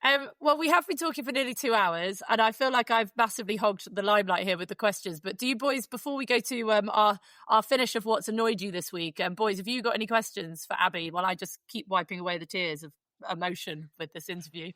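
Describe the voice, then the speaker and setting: A woman hosting a podcast, chatting warmly and gushing over her guest. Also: medium pitch, fast, few pauses, no echo. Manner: effusive, gushing. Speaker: podcast host. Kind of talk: casual chat.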